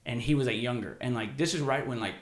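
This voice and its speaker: A man hosting a podcast in loose, profane chat, drifting off-topic and laughing along. His voice sits at an ordinary middle pitch for a man. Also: fast talker, echoey room. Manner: rambling, profane, laughing often. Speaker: podcast host. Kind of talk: casual chat.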